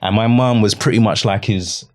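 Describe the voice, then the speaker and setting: A middle-aged man telling a personal story in an earnest, halting way, often repeating himself. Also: fairly low pitch, darkish tone. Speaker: podcast guest.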